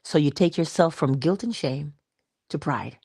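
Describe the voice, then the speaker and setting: A woman's voice: low voice, a little slow, vocal fry, mellow, breathy edge. A woman giving a morning inspirational talk, coaching her listener in a conversational, playful way. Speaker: motivational speaker.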